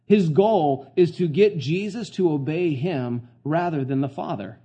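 A man's voice: fairly high pitch, measured pace, mellow, slightly rough. Slangy man preaching a casual sermon. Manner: conversational, slangy, asks the audience questions. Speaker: pastor.

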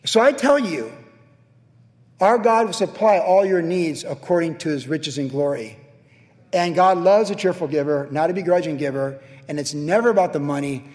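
A man's voice: on the high side, normal speed, darkish tone. A middle-aged male pastor preaching a sermon, telling stories animatedly and repeating phrases for emphasis. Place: church sanctuary. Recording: reverberant church hall.

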